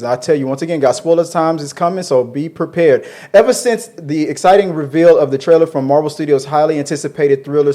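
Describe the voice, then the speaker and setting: A man hosting a casual movie news chat in a mellow, relaxed voice that sits a little high for a man. He talks loosely and jokes around, full of fillers and restarts. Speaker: podcast host.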